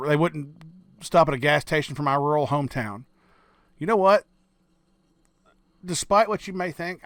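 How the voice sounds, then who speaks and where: A reaction video host with a Southern American accent and a slightly high voice gives casual, blunt, profane commentary on his channel, stumbling over restarts. There's no room sound in the recording.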